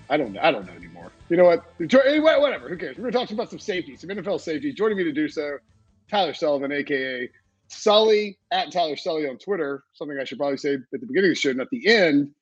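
Man, podcast host, husky, close and dry, rambling casual chat. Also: fairly high pitch, fast, no room sound, faint music behind. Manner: rambling, energetic, many fillers and restarts.

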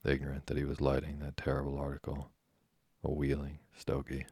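A man reading a classic novel aloud as a sleep story, in a slow, hushed, even voice. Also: a bass voice, breathy edge, dry recording, studio quality.

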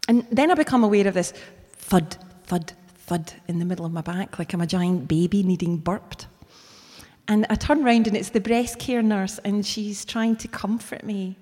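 A woman's voice: mid-range voice, moderate pace, dark tone. A woman recounts a personal story live before an audience. Her humour is wry and turned on herself. Her mid-range voice rings out in a hall with a long, lingering reverb. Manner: wry, self-mocking humour. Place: theatre stage before an audience.

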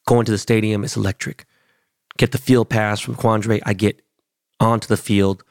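A man's voice: on the low side, level tone, moderate pace, no echo, studio quality. A man hosting a podcast, telling a boastful, profane story in casual chat. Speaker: podcast host.

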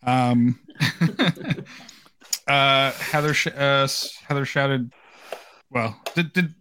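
A man's voice: medium pitch, steady tone, extremely slow, sharp tone, slight background noise. An American man hosting a podcast over a video call, telling rambling stories with frequent laughter. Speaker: podcast host. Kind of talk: casual chat.

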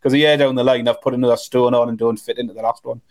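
A man's voice: mid-range voice, steady tone, rapid-fire, a little mellow. A man co-hosting a betting podcast in casual chat, matter-of-fact with dry humor. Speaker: podcast co-host.

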